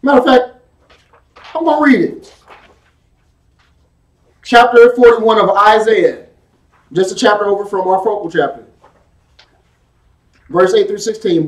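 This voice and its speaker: A man's voice: sits high, a little slow, long pauses. A man preaching a sermon and reading scripture, emphatic and conversational, drawing call-and-response from his congregation. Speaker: pastor. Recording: echoey room, speaker far from the mic.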